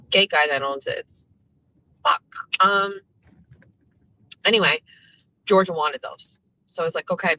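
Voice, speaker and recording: A woman hosting a casual morning show, chatty and animated, swearing freely as she tells stories. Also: medium pitch, rough recording. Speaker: show host.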